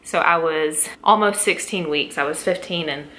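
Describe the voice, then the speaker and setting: Young mom vlogging at home, kinda teary but laughing, low-ish bright voice. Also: female voice, moderate pace, slight background noise. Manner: emotional, tearful storytelling with laughs. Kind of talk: casual pregnancy update vlog.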